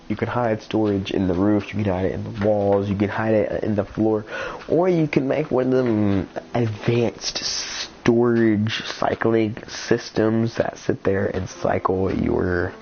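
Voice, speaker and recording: A congested, slightly rough man with a very low voice rambles through gameplay commentary, restarting sentences and filling pauses with ums. The recording is a little dull and lo-fi, with faint noise underneath. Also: darkish tone. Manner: rambling, thinks aloud with many ums and restarts. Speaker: gaming channel host.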